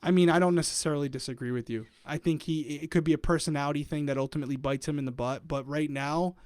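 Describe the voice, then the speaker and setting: A man's voice: fairly high pitch, fairly even intonation, fast talker, a little mellow, clean tone, no echo, clean studio sound. A man co-hosting a casual recap chat, thinking aloud and often hedging with "I think". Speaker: podcast co-host.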